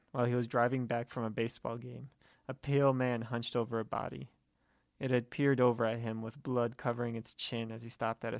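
A man narrating a first-person horror story at a steady, measured pace. His voice is mid-pitched and plain. The recording is dry and close. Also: vocal fry, no room sound.

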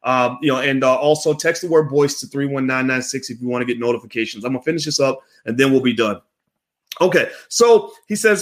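A man hosting a casual commentary monologue, animated and profane, with many restarts. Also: mid-range voice, quick pace. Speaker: host.

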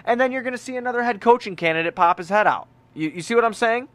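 A man co-hosting a casual sports podcast, profane and animated, often repeating himself. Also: very high-pitched, fast, no echo. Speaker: podcast co-host.

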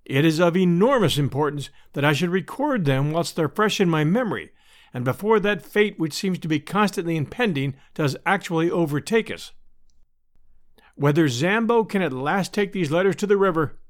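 A man narrating an adventure story as an audiobook, in an expressive storytelling manner. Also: a little high, moderate pace. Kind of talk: scripted narration.

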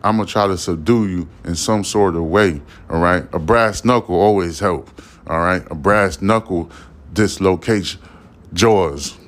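A man's voice: deep voice, measured pace. A man in his forties hosting a podcast, telling stories in a casual monologue full of profane street slang and asides. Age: 40s. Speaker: podcast host.

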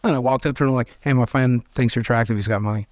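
A man, telling candid stories as an interview guest, animated and swearing freely as he acts out quoted voices. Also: medium pitch, racing, no echo, studio quality. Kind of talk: candid storytelling.

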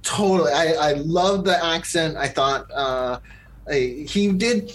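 A man with a fairly high voice, chatting loosely as a podcast co-host. He wanders through his thoughts, circling back and restarting sentences as he reviews a film. The talk is relaxed and unscripted. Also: takes it slowly, a little hiss or hum. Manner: rambling, lots of fillers and restarts. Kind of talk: casual movie review chat.

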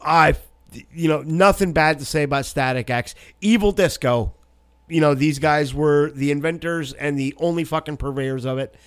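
A man's voice: a little high, moderate pace, clean tone. A man hosting a casual chat about music, blunt and profane in his opinions.

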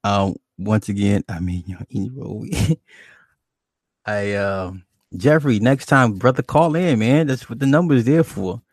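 Man hosting a call-in show, low voice, laid-back, profane, laughs a lot, dry close sound. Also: expressive, measured pace, no echo. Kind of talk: casual late-night call-in storytelling.

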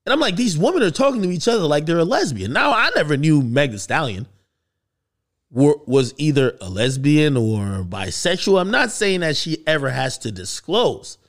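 A man hosting a podcast, talking in a casual, questioning way. His voice sits fairly high and moves a lot in pitch. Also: moderate pace. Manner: conversational, questioning, animated. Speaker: podcast host. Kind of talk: casual commentary.

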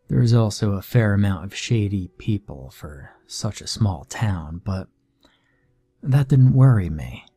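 A man calmly narrating a first-person horror story in a measured, scripted way. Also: lowish voice.

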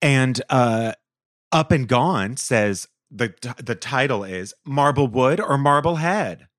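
A man's voice: mid-range voice, animated, slow pace, no echo, studio quality. A man co-hosting a podcast in casual chat, playful and theatrical as he reads listener reviews aloud. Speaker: podcast co-host.

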